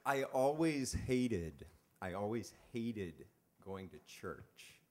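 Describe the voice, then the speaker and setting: A man telling a personal story live on stage, chatty and self-mocking, with many halting restarts. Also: on the low side, expressive, noisy background. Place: stage in a club venue.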